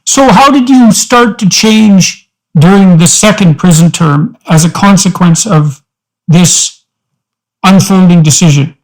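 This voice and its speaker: A man hosting a podcast, asking his guest questions in a measured, deliberate way. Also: high-pitched, poor audio. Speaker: podcast host. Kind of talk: interview questions.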